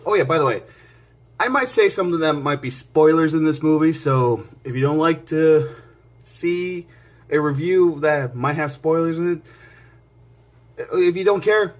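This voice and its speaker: A man hosting his own movie review vlog, talking in an excited, rambling way with lots of restarts and side remarks, jumping between loud bursts and quiet mutters. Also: on the high side. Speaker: movie reviewer and channel host. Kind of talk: casual spoken movie review.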